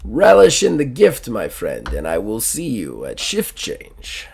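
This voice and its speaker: A man voicing a serious Russian tea shop owner in a tabletop game, speaking slowly and gravely with a put-on Russian accent. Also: on the low side, wildly swooping pitch, a little hiss or hum, exaggerated voice. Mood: warm. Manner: slow, grave, measured speech.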